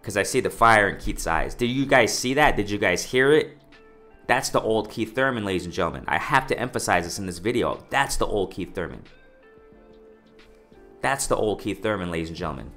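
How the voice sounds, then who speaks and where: A man giving a casual boxing commentary vlog, excited and repetitive, often calling out to "ladies and gentlemen" and restarting his sentences. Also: lowish voice, brisk, faint music behind.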